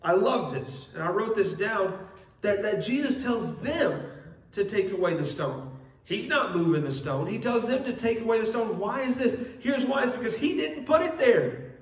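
A man's voice: high voice, lively intonation, normal speed. A young man preaching a sermon as pastor, earnest and repeating key phrases for emphasis. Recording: echoey room, mic at a distance.

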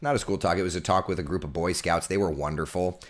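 A man with a hoarse, recovering voice, hosting a casual live weather chat and reading out viewer comments. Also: low-pitched, fairly even intonation, fast talker. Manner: chatty, jokey, reads out viewer comments.

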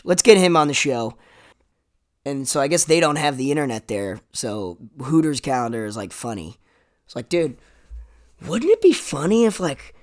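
A young man hosting a podcast, ranting sarcastically with lots of swearing, "like" and "dude". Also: a little high. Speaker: podcast host. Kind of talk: comedic rant monologue.

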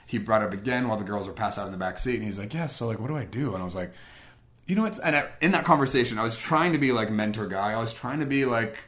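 Fast-talking man telling a story. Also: fairly low pitch. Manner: animated, quotes himself and others in conversation, many "like" fillers. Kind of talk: casual personal storytelling.

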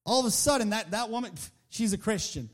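A man preaching a sermon in an animated, conversational way, acting out the people he quotes. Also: high-pitched, fast.

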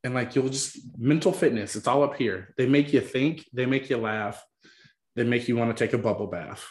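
A man's voice: medium pitch, moderate pace. Male podcast host, bantering and jokey, mid voice, roomy room sound. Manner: playful, bantering, laughs often. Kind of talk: casual podcast chat.

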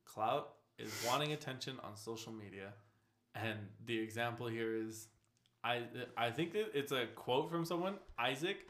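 A man's voice: medium pitch, normal speed, a bit bright. A young man chatting casually as a podcast co-host, swearing freely and laughing often. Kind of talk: casual profane chat. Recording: echoey room.

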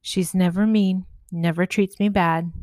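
A woman voicing a shy, hurt little boy who speaks softly, almost in a whisper, in a storybook tale. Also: lowish voice, fairly even intonation, unhurried, no room sound, studio quality, lightly acted.

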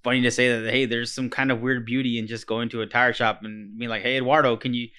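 A man's voice: medium pitch, flat delivery, quick pace, pushed and bright, clear, resonant tone. A man co-hosting a casual podcast chat, laid-back, swearing freely and laughing often. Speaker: podcast co-host.

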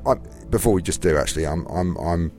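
A man's voice: low voice, animated, fast, warm tone, faint music behind. A British man hosting a casual gaming podcast, rambling with frequent restarts. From Britain. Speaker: podcast host.

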